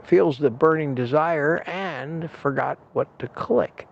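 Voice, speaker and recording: Slow and gravelly, this older man's fairly high voice comes through on dull audio. He's a livestream host at his home computer desk, reading out the chat and thanking viewers in a loose, friendly ramble.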